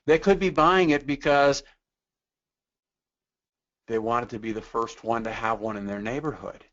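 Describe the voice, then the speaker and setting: A man's voice: medium pitch, unhurried, fairly bright tone, muffled recording. A man giving a sales training webinar in a conversational way, tossing out rhetorical questions and acting out customers in quoted voices.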